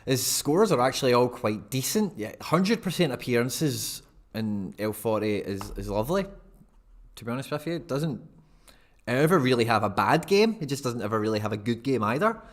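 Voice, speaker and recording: A man's voice: medium pitch, very animated, moderate pace. A man, chatting casually and rambling through a live stream, often laughing at himself. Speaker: fantasy football streamer.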